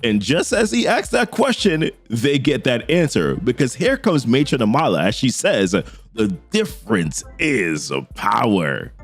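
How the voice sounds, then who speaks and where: Comic book guy recapping a story, chatty and excited, faint music behind. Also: medium pitch, normal speed, hardly any pauses, husky. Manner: enthusiastic, conversational, frequent "right?" asides. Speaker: comic book channel host.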